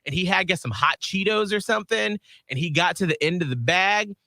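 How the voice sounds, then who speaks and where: A man's voice: sits high, a little fast, creaky, pushed and bright, no room sound, studio quality. A man co-hosting a radio show, telling stories and teasing in casual chat. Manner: playful, teasing storyteller.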